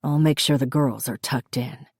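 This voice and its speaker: A woman voicing a gentle, soft-spoken husband. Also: very deep voice, normal speed, husky, no room sound, studio quality, full character voice. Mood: tender. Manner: soft and gentle, quietly amused. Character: gentle, apologetic adult husband.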